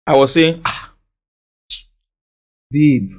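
A man delivers a sermon in a high, lively voice. He leans on call-and-response and swings from soft to loud. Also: drawn-out words, highs cut off. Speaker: pastor. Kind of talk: preaching a sermon.

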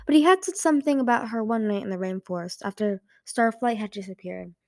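Audiobook narrator: woman, amateur reading, self-corrects often, dry close mic, middle pitch. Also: a little fast, darkish tone, no echo. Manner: reads with frequent restarts and self-corrections.

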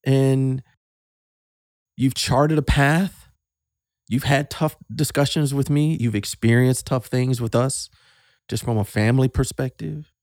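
A man in his fifties, a father speaking with emotion in a casual podcast talk, halting and repeating words as he gets choked up. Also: mid-range voice, fairly even intonation, darkish tone, dry recording, studio quality. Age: 50s. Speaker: guest, host's father.

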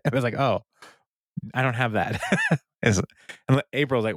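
A man's voice: medium pitch, no echo, clean studio sound. A man co-hosting a casual podcast, recapping a TV episode and acting out the characters' lines. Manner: retells scenes with quick quoted voices and laughs. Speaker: podcast co-host.

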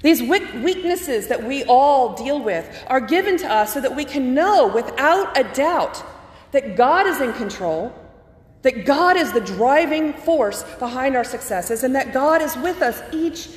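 Higher-voiced woman preaching in echoing hall. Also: animated. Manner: earnest, personal storytelling with emphatic slowed phrases. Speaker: pastor. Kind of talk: sermon. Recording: echoey hall with long reverb.

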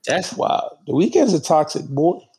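A man's voice: a little high, big pitch swings, measured pace, mellow, breathy edge. A man co-hosting a podcast in casual, slangy, joking chat. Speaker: podcast co-host.

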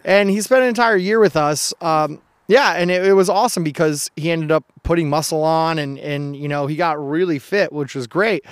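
Smooth-voiced chatty male gym coach. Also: fairly high pitch, normal speed, hardly any pauses, dry recording. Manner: lively, chatty storyteller who laughs often. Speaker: gym coach and podcast co-host. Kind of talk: casual chat, anecdotal storytelling.

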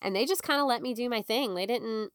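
A young woman tells a personal story in a relaxed, conversational way, jumping into little acted-out quotes and scattering "like" through her sentences. Her voice is smooth and clear, recorded close and dry with no room around it. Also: on the high side, fairly quick, dry recording. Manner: animated, acts out quotes, frequent "like". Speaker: guest telling her birth story.

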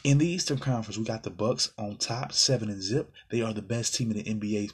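A man's voice: fairly low pitch, fast, a little hiss or hum. A man giving casual basketball commentary, heated and ranting at a player, then reading out scores. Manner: heated ranting, swearing, addressing the player directly. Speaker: sports commentator.

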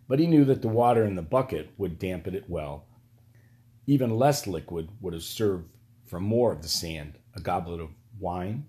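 Low-voiced male audiobook narrator. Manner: steady, even storytelling.

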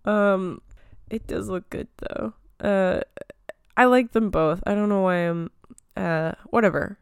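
Taking it slowly, a young podcast host chats loosely about movies and television, giggling and saying um often. Her voice, somewhat low and clean with a bit of phlegm, comes through close-miked and dry, with no room ambience.

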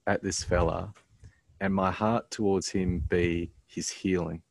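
A low, creaky-voiced man speaks with fairly even intonation as he recounts a personal story on a podcast. Earnest about his faith, he stumbles through many ums and restarts.

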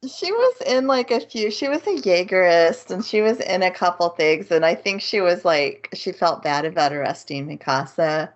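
A woman's voice: on the low side, expressive, muffled recording. A woman co-hosting a podcast, casually recapping an anime and laughing often at her co-host. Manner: laughs often, slow and easygoing.

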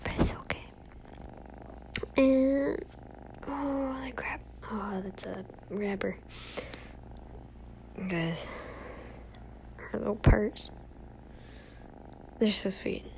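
A woman's voice: mid-range voice, steady tone, extremely slow, creaky, pauses often, a little hiss or hum, poor audio. A young woman vlogging casually from her college room at night, rambling and often dropping into whispers. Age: young adult. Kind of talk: casual late-night chat.

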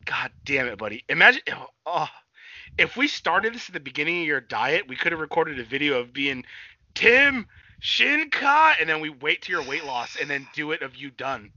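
A young man chatting as a podcast co-host, swearing constantly and bursting into loud shouted quotes. His voice has a very bright, forceful edge. It is recorded dry, with a slightly dull, lo-fi sound. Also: fairly high pitch, lively intonation, a little fast, dry recording. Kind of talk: casual profane chat recapping a cartoon.

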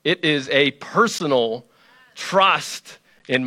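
A man delivers a sermon in a casual, conversational tone, his voice sitting a little on the high side. He leans on repetition to press each point home. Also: a little slow, a bit bright. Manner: conversational and playful, with emphatic repetition. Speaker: pastor.

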